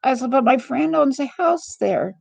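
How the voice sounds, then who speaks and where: A woman's voice: high voice, lively intonation, normal speed, gravelly, darkish tone, dry recording, rough recording. A middle-aged woman hosting a live stream vlog, talking in a rambling, earnest and heartfelt way. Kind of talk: casual confiding monologue.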